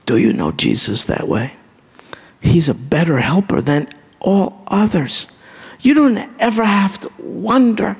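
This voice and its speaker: A man preaching a live sermon to a congregation, emphatic, asking them direct questions and breaking into sudden high exclamations. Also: lively intonation, a little slow, gravelly, breathy edge. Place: church hall with a congregation. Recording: reverberant hall sound.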